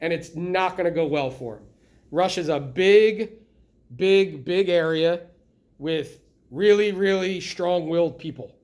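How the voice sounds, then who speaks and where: A middle-aged man teaching a history lesson in a classroom, lively and constantly checking in with the students by asking questions. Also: high voice, unhurried. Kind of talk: classroom lecture.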